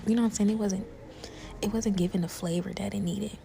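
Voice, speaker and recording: A young woman who makes cooking content chats casually with her viewers while she cooks, speaking straight to them and calling them y'all and besties. Her voice is medium-pitched, gravelly and brisk, with fairly even intonation, and there's background noise in the recording.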